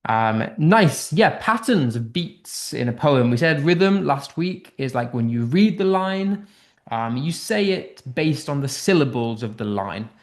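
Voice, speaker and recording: A man's voice: mid-range voice, animated, unhurried. Man, British accent, English tutor, online class quiz, upbeat, thinks aloud.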